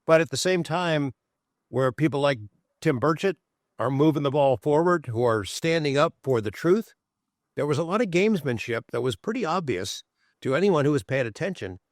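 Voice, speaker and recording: A man co-hosting a podcast, discussing in a measured way with emphatic rhetorical questions. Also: fairly high pitch, lively intonation, no echo, clean studio sound. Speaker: podcast co-host. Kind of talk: analytical discussion.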